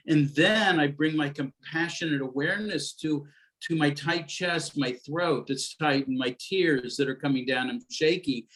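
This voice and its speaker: A man who teaches mindfulness, speaking gently and reflectively about grief, often pausing and searching for words, in a conversation over a video call. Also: on the high side, poor audio.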